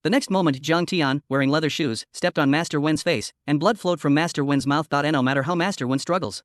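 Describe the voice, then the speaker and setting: A man narrating a story recap in a rapid, even storytelling read. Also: a little high, dry recording, studio quality.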